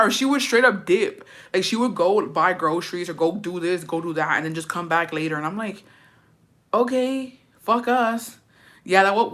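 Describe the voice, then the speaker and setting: Her voice sits on the lower side yet rings brightly as she reads viewer comments and responds to each. The woman vlogger tells animated stories in a blunt, slang-heavy style, swearing without hesitation.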